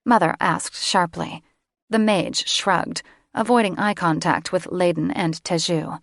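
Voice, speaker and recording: A woman's voice: steady tone, measured pace, vocal fry, no room sound, clean studio sound. A woman narrating a fantasy audiobook in scripted style, giving the characters their own voices. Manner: voices each character with shifts in pitch and loudness.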